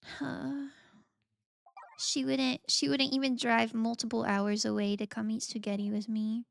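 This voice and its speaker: Slow, gravelly-voiced woman streamer. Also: a little high, little pitch movement. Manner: playful, rambling, giggly, reads out chat. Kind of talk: casual live-stream chat while gaming.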